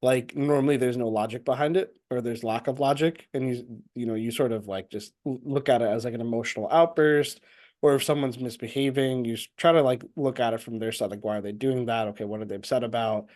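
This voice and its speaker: A man's voice: mid-range voice, brisk, darkish tone. A man chatting casually as a guest, easygoing, laughing often, with loose restarts. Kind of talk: casual chat.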